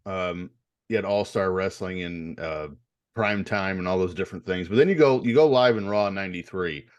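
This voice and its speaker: A man's voice: sits low, moderate pace. A man interviewing a guest, asking detailed fan-level questions in a casual tone and chuckling now and then.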